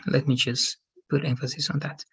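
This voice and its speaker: A man's voice: medium pitch, flat delivery, normal speed, gravelly. A male English teacher explaining grammar step by step in an online class.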